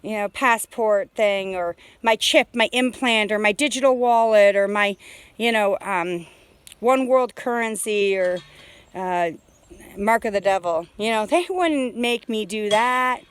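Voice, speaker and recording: A woman with a clear, resonant, medium-pitched voice speaks a little slowly outdoors on her homestead. In an emotional personal vlog, she rambles through her feelings with fillers and restarts, close to tears.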